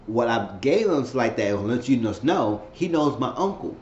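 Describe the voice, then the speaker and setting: Male show reviewer, casual rambling recap, mid pitch, echoey and slightly muffled room sound. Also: sing-song, moderate pace, hardly any pauses, darkish tone. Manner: loose, rambling retelling with restarts. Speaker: TV show reviewer on his channel. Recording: roomy, slightly dull home recording.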